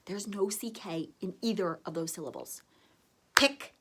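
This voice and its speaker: A woman's voice: lowish voice, heavy background noise. A woman teaching a spelling lesson to first graders, explaining a rule and sounding out each word syllable by syllable. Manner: slow, deliberate, sounds out words syllable by syllable.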